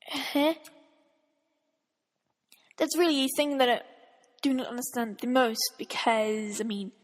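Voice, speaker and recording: A woman, a German speaker, rants to camera in a high voice and at an unhurried pace. She sounds exasperated and incredulous. The sound carries a long reverb tail. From Austria. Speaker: vlogger. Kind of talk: casual ranting vlog.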